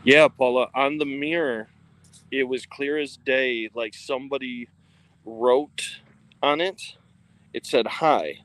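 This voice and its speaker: A man's voice: medium pitch, steady tone, slow, fairly bright tone, low-quality recording. A man co-hosting a livestream, talking casually with lots of ums and restarts, recorded on a phone. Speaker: co-host of a ghost-hunting livestream.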